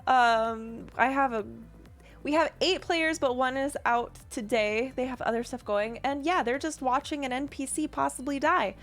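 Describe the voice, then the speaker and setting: A woman streaming as dungeon master, narrating combat and chatting with viewers in a quick, casual way. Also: high-pitched, fairly bright tone, soft background music. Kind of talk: narrating a tabletop game on stream.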